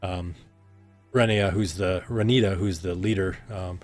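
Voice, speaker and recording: A man narrating a tabletop game as game master, rambling with many pauses and restarts. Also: low-pitched, fairly even intonation, soft background music.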